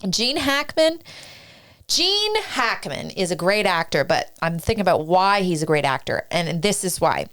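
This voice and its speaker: A woman's voice: fairly low pitch, very animated, unhurried, fairly bright tone. A woman co-hosting a podcast, talking in a thoughtful, earnest way. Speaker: podcast co-host. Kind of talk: casual chat.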